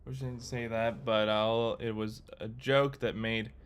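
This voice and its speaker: A young man from Australia chatting casually while learning to code, rambling and quick to get excited. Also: medium pitch, slight background noise. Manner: rambling, excitable, swears when surprised. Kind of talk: casual chat.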